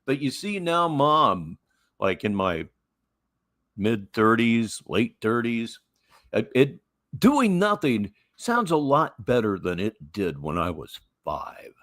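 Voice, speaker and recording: A man's voice: mid-range voice, sing-song, takes it slowly, a bit bright, no echo, clean studio sound. A man in his sixties hosting a livestream, telling rambling stories in a wry, casual way. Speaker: livestream host. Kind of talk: casual storytelling and live commentary.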